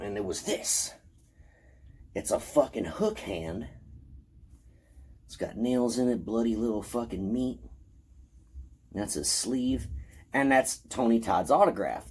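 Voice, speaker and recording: A man with a husky, slightly breathy voice tells a casual convention story. He swears constantly and jumps into animated impressions of what he said. His pitch sits in an ordinary middle range. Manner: profane, animated, acts out his own quotes. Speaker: horror convention vlogger showing his haul.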